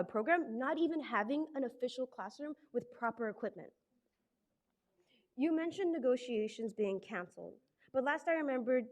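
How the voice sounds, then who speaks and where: A woman's voice: a little high, a little mellow. Indignant teenage girl at a podium. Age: teens. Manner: indignant, accusing, sarcastic. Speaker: student public commenter. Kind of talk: public comment speech. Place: school board meeting room.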